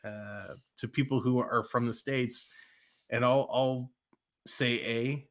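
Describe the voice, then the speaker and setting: A Canadian man with a light Canadian accent streams live hockey, calling the plays and answering his chat in between. His voice sits mid-range in pitch, and his talk turns quicker and more urgent when a rush heads for the net. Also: steady tone, a bit bright. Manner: chatty, reads chat aloud, quickens on plays. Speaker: play-by-play streamer. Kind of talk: live play-by-play commentary with chat. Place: home, living in the US.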